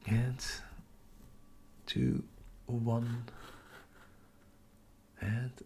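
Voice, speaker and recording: A man, hosting a live telescope stream in a hushed whisper, halting and correcting himself as he works outdoors at night. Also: mid-range voice, steady tone, a little hiss or hum. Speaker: astrophotography livestream host.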